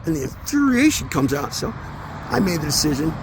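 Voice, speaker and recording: A man walking outdoors and talking into his phone in an intense, rambling spiritual monologue, swearing often and swinging between mumbles and loud outbursts. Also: a little high, very animated, fairly quick. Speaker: vlogger. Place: outdoors near traffic, walking. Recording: outdoor phone audio with street noise.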